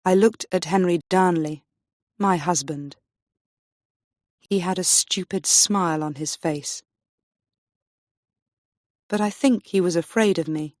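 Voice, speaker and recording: A woman teaching English, reading a graded story aloud slowly and clearly for learners. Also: lowish voice, a little mellow, no echo, studio quality. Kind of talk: slow graded-reader story narration.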